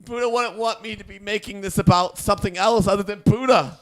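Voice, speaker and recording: Young male co-host with a high voice, stammers through a fake-emotional rant. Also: fairly even intonation, brisk, fairly bright tone. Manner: stammering, repeats himself, mock-emotional. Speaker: comedy show co-host. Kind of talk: mock-earnest comedic rant.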